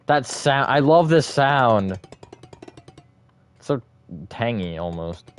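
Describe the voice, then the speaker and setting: A man livestreaming a building game, rambling as he thinks aloud and swinging between flat, disappointed-sounding talk and bursts of energy. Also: medium pitch, slow, smooth, soft background music. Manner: rambling, thinks aloud with fillers and self-corrections. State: short on sleep. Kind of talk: casual livestream chat while gaming.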